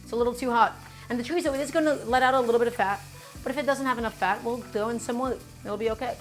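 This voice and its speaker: A woman's voice: fairly high pitch, steady tone, very fast, faint music behind. A woman streamer teaching a cooking lesson live, chatty and emphatic, often addressing her chat directly.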